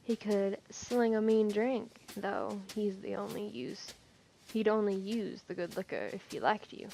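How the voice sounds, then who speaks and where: A woman's voice: mid-range voice, unhurried, vocal fry, dark tone, slight background noise. A young woman hosting a gaming video, reading a story game's text aloud, stumbling over words and correcting herself. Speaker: gaming channel host. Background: background music.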